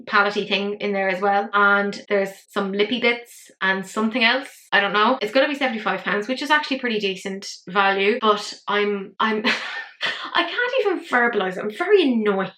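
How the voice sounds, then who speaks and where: A woman talks through makeup releases in a bright, sharp voice, ranting and swearing with self-mocking exasperation. Her voice rings in a roomy, echoey space. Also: mid-range voice, moderate pace. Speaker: makeup commentary host. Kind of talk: casual ranting commentary. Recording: echoey room.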